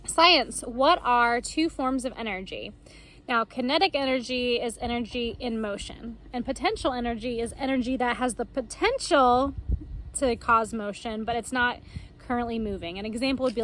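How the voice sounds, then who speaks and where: A woman's voice: on the high side, moderate pace, a bit bright, a little hiss or hum. A woman teaching memory songs and motions in a casual, chatty way, with fillers and acted-out examples. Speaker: homeschool teacher.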